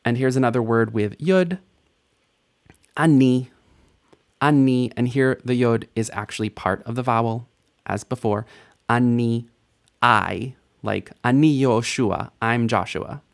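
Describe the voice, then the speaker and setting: A man recording a language lesson at a steady middle pitch. He sounds out each letter and vowel slowly and repeats words so learners can follow. His delivery is patient, with a playful edge. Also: creaky. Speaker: Hebrew teacher.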